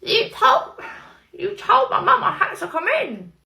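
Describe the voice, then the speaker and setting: A woman's voice: very high-pitched, sing-song, a little slow, vocal fry, bright, forceful tone, full character voice. A woman playing a defensive young nursery nurse, protesting and laughing nervously. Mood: indignant. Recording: roomy echo, faint noise.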